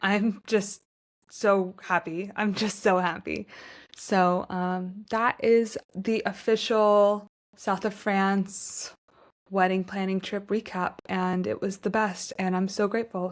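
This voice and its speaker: A woman's voice: mid-range voice, steady tone, slow. A young American woman hosting her own podcast, talking in a heartfelt, gushing, chatty way with lots of "like" fillers. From United States. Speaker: podcast host. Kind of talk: casual chat.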